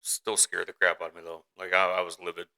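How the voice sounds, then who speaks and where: A man's voice: deep voice, monotone, fast talker, vocal fry, bright, forceful tone, clean tone, rough recording. A man co-hosting a casual podcast who tells a rambling story as a worried father, with many restarts and acted-out quotes. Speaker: podcast co-host. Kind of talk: casual chat.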